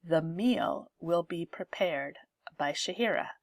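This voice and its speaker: A woman's voice: fairly low pitch, lively intonation, slow pace, vocal fry, no echo. A woman teaching an English grammar lesson, explaining step by step and reading example sentences aloud.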